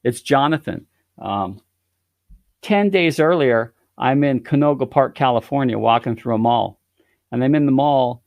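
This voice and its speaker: A man's voice: medium pitch, a little mellow, no echo. A man who is a guest on a podcast, telling a story in a theatrical way and playing up the drama. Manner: theatrical, exaggerating for effect. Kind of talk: animated storytelling.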